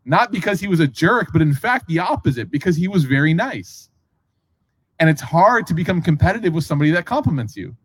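An Islamic preacher delivers a conversational storytelling sermon, acting out dialogue and posing questions to his audience in a casual way. His male voice is a little high and a little fast, with big pitch swings and a breathy edge. There's no echo.

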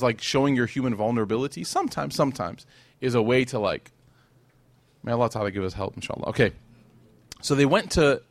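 A man teaching a casual, storytelling religious lesson, animated and joking with his audience, with short stretches of Arabic recitation. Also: mid-range voice. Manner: animated, conversational, jokes with the audience. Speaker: Islamic teacher.

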